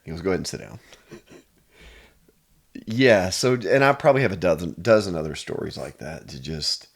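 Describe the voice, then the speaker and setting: A man's voice: sits low, lively intonation, moderate pace, creaky. A man from Pennsylvania, a chiropractor guest, telling personal stories in an earnest, casual way. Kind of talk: casual storytelling.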